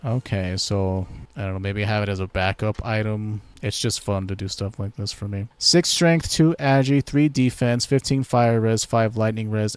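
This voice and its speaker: A man's voice: fairly low pitch, dry recording. Rambling man narrating his gameplay. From New Mexico. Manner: rambling, thinking aloud, reading stats. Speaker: gaming channel host. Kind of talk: casual gameplay commentary.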